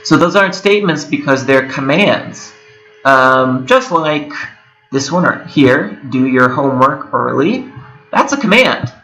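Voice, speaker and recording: A man's voice: fairly high pitch, lively intonation, a little slow, sharp tone, faint music behind. A man in his twenties giving a recorded lecture, talking casually and correcting himself as he goes. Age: 20s. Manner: conversational, with frequent fillers and self-corrections. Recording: echoey room with a whirring hum.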